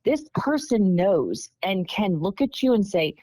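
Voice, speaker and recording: A woman from North Carolina, a podcast guest telling stories in an excitable, breathless way. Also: mid-range voice, measured pace, dry recording. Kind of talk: casual podcast chat.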